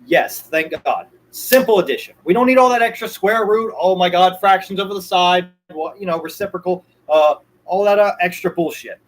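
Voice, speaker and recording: A man's voice: sits high, moderate pace, few pauses, poor audio. A young man streaming a ranting monologue, emphatic and repetitive, swearing now and then. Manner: emphatic, repeats himself, swears.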